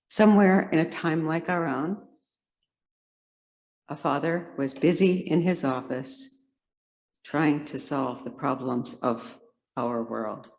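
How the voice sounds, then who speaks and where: A woman guest speaker telling a story as a sermon, expressive and giving each character a voice in the quotes. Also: a bass voice, low-quality recording. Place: congregation sanctuary.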